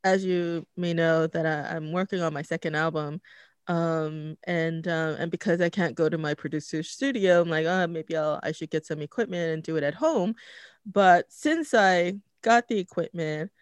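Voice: medium pitch, normal speed, smooth, no room sound. Podcast host, lots of ums and restarts, super dry close sound. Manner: hesitant, many fillers and restarts. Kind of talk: casual conversation. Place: home recording setup.

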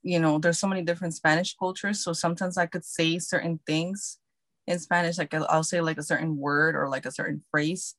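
A woman's voice: deep voice, fairly even intonation, fairly quick, a bit bright, no room sound. A woman who works as an actor chatting casually, loose and repetitive with many fillers. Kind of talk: casual chat.

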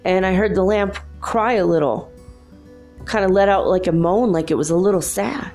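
A woman in her fifties, telling a childhood story in an animated, confiding way. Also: mid-range voice, moderate pace, faint music behind. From Los Angeles, USA. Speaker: spiritual speaker. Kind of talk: storytelling monologue.

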